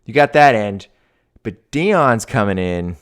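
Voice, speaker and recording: A man's voice: on the low side, lively intonation, slow pace, clear, resonant tone. A man, a swim coach hosting a show, giving casual sports commentary in a loose, slangy way that grows heated. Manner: casual, heavy with "like" and "dude", grows heated and ranting.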